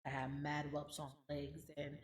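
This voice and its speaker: A woman's voice: deep voice, flat delivery, a little slow. A young adult woman hosting a podcast, talking candidly and emotionally, blunt and profane. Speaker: podcast host. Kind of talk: candid casual chat.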